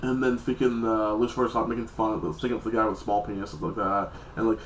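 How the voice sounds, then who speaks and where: A man's voice: on the low side, fairly even intonation, fast talker, few pauses, roomy sound, slight background noise, rough recording. A man casually recapping a TV episode in a rambling, loose way, with heavy use of filler words. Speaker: TV episode reviewer.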